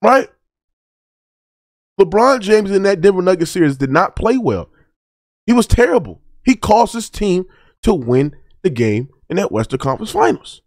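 High-voiced man ranting about sports. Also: big pitch swings, moderate pace, no echo, clean studio sound. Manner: heated, preachy, repeats "right?". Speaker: sports debate host. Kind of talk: reaction commentary.

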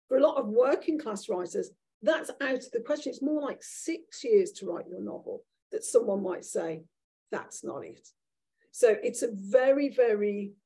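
A woman author at a live event, candidly telling a self-deprecating story from her own life in a lively, conversational way. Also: medium pitch, creaky, slightly rough, poor audio. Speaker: author guest at a live talk. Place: event room with an audience.

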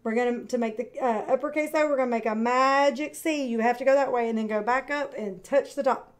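A woman teaching kindergarten, speaking slowly and clearly with encouraging, drawn-out words for young children. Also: fairly high pitch. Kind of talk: read-aloud lesson for young children.

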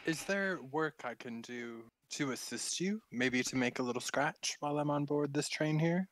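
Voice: medium pitch, moderate pace. A player in a tabletop game speaking in character, easygoing and amused. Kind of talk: tabletop role-play.

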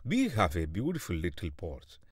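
Storybook crocodile, treacherous and blustering, voiced by a man, loud and dry. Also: low-pitched, huge pitch swings, normal speed, no echo, full character voice. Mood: worried, scheming. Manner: blustery, chuckling. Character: treacherous male crocodile, torn then scheming.

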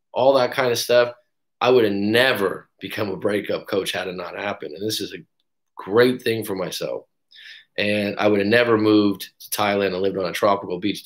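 Guy coaching people thru breakups on a stream, chatty, does little voices when he quotes people. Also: on the low side. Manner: casual, animated storytelling with acted quotes. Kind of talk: live-stream book review talk.

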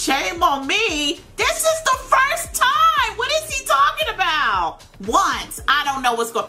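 A young woman giving playful gameplay commentary, dramatic and laughing as she talks to her viewers. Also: a little high. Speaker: gaming video creator.

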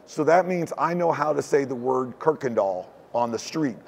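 A man's voice: medium pitch, animated, normal speed, gravelly, darkish tone, slight background noise. A man from Texas, talking as an interview guest in a rambling, looping way. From Houston, Texas. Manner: rambling, looping phrasing with frequent "it's like". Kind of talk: casual conversational interview. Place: hacker convention floor.

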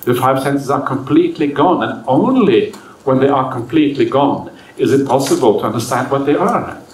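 A man, a monk, giving a relaxed, chatty Dharma talk at a retreat, peppered with "yeah?" and "uh" and acting out the characters in his stories. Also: mid-range voice, normal speed. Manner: acts out the characters in stories with lively voice changes. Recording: roomy, distant mic, faint room noise.

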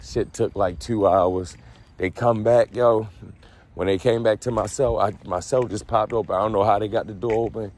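Low-voiced man telling stories. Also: normal speed. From Baltimore. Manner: profane, slangy and animated. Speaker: vlogger. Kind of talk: casual storytelling.

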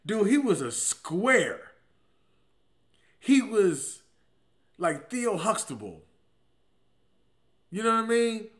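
A man hosting a podcast and telling a personal story in a casual, comic way. He swings from low, mumbled asides to loud outbursts. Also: very animated, slow pace, long pauses. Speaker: podcast host.

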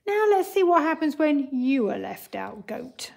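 A woman voicing an excitable man in a children's storybook read-aloud, who bellows and shouts his lines. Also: high-pitched, measured pace, creaky, pitched above the performer's own voice, full character voice. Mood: angry. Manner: bellowing, loud and emphatic.

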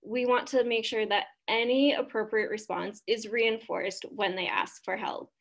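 A woman's voice: fairly high pitch, steady tone, unhurried, gravelly. A woman presenting a webinar on behaviour therapy, explaining steps and quizzing her audience. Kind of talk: webinar lecture.

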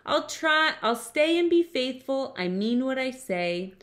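A gentle, faithful elephant speaks earnestly and steadily, as a woman reads him aloud. The pace is slow and careful, the way a picture-book voice is read to children. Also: high-pitched, big pitch swings, pitched above the performer's own voice, exaggerated voice.

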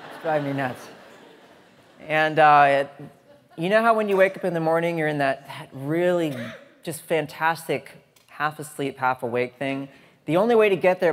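A man giving a humorous conference talk, chatty and joking, with asides to the audience. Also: fairly high pitch. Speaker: conference speaker. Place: large lecture hall stage. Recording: hall reverb on a stage talk.

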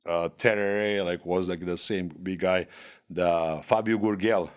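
As a guest on a casual podcast, a former legionnaire talks in a halting manner, full of fillers and restarts and non-native grammar. His voice is low-pitched and steady, with a clear, resonant tone.

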